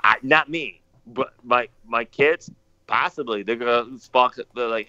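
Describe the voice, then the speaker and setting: A man's voice: mid-range voice, measured pace, sharp tone, no room sound, dull audio. Rambling, cursing male livestream host. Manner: profane, rambling, repeats himself. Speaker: podcast host. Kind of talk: casual livestream chat.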